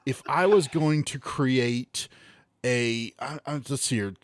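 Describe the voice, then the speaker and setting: A man's voice: mid-range voice, slow pace, no echo. A man co-hosting a podcast in casual chat, rambling and sarcastic, stumbling over his words. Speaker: podcast co-host.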